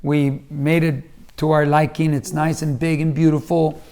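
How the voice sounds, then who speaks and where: A middle-aged man spins a family story in casual chat, his voice sitting a touch high for a man. He acts out each quoted line, jumping up in loudness and pitch, then dropping back down to tell the rest. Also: moderate pace, clear, resonant tone. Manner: animated storyteller who acts out quoted lines with bursts of loudness. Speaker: host, husband and father.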